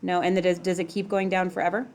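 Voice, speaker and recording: A woman's voice: lowish voice, level tone, quick pace, darkish tone. A middle-aged woman teaching a math class in a classroom, talking casually, using "like" a lot and asking the students questions. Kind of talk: classroom lecture.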